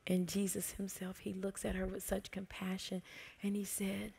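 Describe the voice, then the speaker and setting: A woman pastor preaching a sermon, telling a story with lively expression and dropping to soft whispers at tender moments. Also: mid-range voice, moderate pace, creaky, breathy edge.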